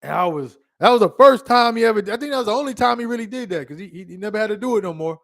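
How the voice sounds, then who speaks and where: Man, 30s, vlogger: casual storytelling to a phone camera, animated, laughs often, quick asides, slightly higher voice. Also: vocal fry.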